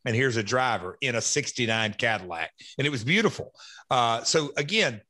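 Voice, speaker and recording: A middle-aged man who hosts a podcast, recalling old days in an animated, rambling way. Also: mid-range voice, normal speed. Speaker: podcast host and former wrestler. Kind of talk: casual podcast chat.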